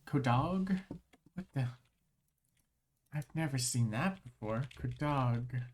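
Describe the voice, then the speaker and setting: A live streamer in casual chat, rambling and restarting phrases, voice strained with frequent throat clearing. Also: medium pitch, expressive, takes it slowly.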